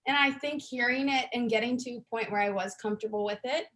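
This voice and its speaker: A young woman, a guest on a podcast, telling stories in a lively, chatty way with many fillers. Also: fairly high pitch, fast. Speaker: interview guest. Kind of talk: casual interview chat.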